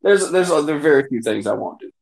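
A man reading tarot on a casual podcast, swearing freely and talking in an animated way. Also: fairly high pitch, fast talker, gravelly, slightly rough. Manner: profane, animated, acts out clients in mocking voices. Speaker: tarot reader.

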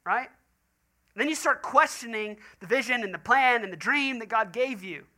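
A man's voice: extremely high pitch, moderate pace. A man, a pastor preaching a sermon and telling stories in acted quoted voices. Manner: animated storytelling with quoted voices.

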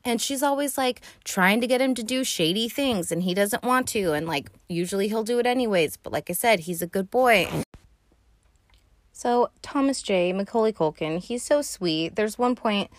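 A woman's voice: mid-range voice, expressive, normal speed, dry recording. A young woman hosting a podcast, recapping a movie in casual, rambling chat full of "like", "um" and swearing. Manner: rambling, profane, lots of "like" and "um". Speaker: podcast host.

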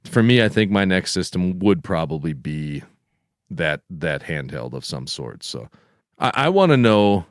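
A middle-aged man co-hosting a podcast, talking in a relaxed, rambling way with restarts. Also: low-pitched, a little slow, no room sound, studio quality. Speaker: podcast co-host. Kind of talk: casual chat.

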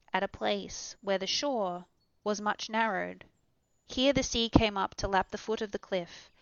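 A woman reads a classic adventure novel aloud in steady first-person storytelling. Her voice is smooth and even. The recording is dry and slightly muffled. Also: mid-range voice, no room sound. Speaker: audiobook reader.

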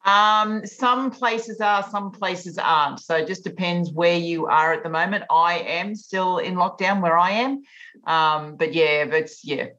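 Australian woman, 50s, lowish voice, explanatory podcast guest, dull lo-fi sound. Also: unhurried, a bit bright. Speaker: guest naturopath. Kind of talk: podcast interview. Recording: dull lo-fi remote audio.

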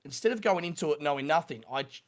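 A middle-aged Australian man telling his story in an interview, halting and repeating himself, with nervous laughs. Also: on the high side, animated. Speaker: streamer guest.

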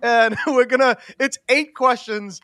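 Young guy with a super high voice rambling on a podcast, lots of likes and ums, dry close sound. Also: fairly even intonation, a little slow, a bit bright, dry recording. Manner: rambling, giggly, full of fillers. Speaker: podcast co-host. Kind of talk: casual chat.

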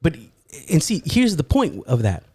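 A man from California telling a story in a casual, profane way, laughing often and slipping into lively impressions. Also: fairly high pitch, normal speed, husky, no echo. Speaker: guest storyteller.

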